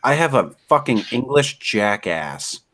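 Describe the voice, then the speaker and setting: A man's voice: medium pitch, sing-song, unhurried, a bit bright. Man, podcast co-host, casual chat, profane, teasing, mock-dramatic, online call from home.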